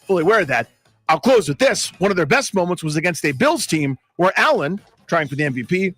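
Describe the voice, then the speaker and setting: Fast-talking high-voiced radio man. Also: a bit bright. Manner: fast, incredulous banter. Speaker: sports radio co-host. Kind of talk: mock courtroom argument on sports radio.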